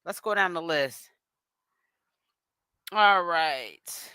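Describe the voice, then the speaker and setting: A woman's voice: fairly low pitch, lively intonation, very slow, bright, forceful tone, clean tone, dry recording. A woman hosting a live stream, chatting casually and greeting viewers one by one, often stumbling over names. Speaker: livestream host.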